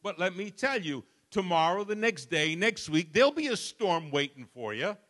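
A man preaching a sermon as pastor, dramatic, swinging from soft asides to loud peaks. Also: sits high, sing-song, moderate pace. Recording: long church reverb.

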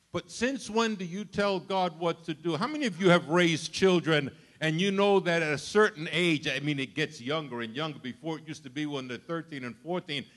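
An older man, a grandfather, preaching a sermon with dramatic storytelling that swings from loud outbursts to hushed asides. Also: on the high side. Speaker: pastor.

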